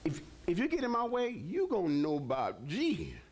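Animated man preaching a sermon. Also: high voice, moderate pace. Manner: animated, repetitive preaching with stammered restarts. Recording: television ministry broadcast.

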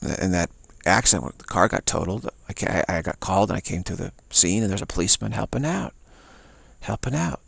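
Gravelly, husky-voiced American man. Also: deep voice, animated, fairly quick, fairly bright tone, no room sound. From United States. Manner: repetitive, emphatic, many restarts. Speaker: speaker sharing personal views. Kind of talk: rambling spoken monologue.

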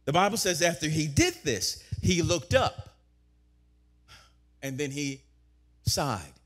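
A man preaching a sermon, fervent, repeating phrases and building to loud declarations. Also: fairly high pitch, lively intonation, slow pace, slightly rough.

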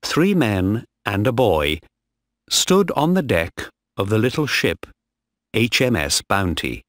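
A man reads a simple story for English learners, pausing between short, clear phrases. His voice is low and very slow, with a lively rise and fall. The sound is dry and close. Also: dry recording. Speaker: narrator.

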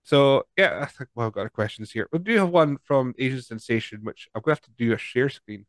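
A man hosts a podcast over a video call. He talks in a mid-pitched voice with a dry, close sound and rambles easily with restarts. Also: lively intonation, fairly quick, dry recording. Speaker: podcast host. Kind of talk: casual interview chat.

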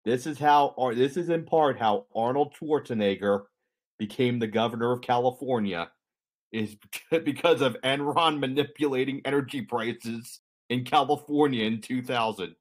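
A man's voice: medium pitch, moderate pace. A man co-hosting a podcast, casually telling a history story with jokes and asides to his co-host. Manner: conversational, jokey, explains history to co-host.

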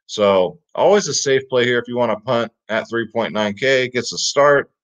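A man with a medium-pitched voice speaks at a moderate pace while hosting a fantasy sports picks show. His rundown is casual and hyped, and he keeps repeating "guys" and "get him in there." The lo-fi audio sounds slightly dull.

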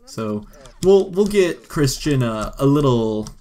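A man's voice: mid-range voice, animated, takes it slowly, dark tone. A man giving casual, joking gameplay commentary and talking to the game characters as he plays. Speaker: gameplay video host.

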